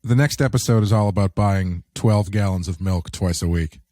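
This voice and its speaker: A man with a low voice co-hosts a casual podcast. He tells stories in a wry, deadpan way. The sound is dry and close. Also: moderate pace, dry recording. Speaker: podcast co-host. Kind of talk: casual chat.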